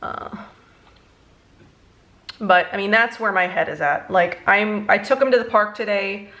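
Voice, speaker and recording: A young woman, a beauty vlogger, chatting casually through a makeup tutorial, rambling and halting, emotionally worn out. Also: mid-range voice, a bit bright, dull audio. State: emotionally exhausted.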